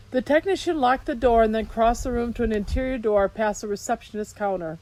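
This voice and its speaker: A woman reading a children's novel aloud in steady storytelling narration. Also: a little high, brisk, hardly any pauses, low-quality recording. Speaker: audiobook narrator. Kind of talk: scripted narration. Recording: hiss behind voice.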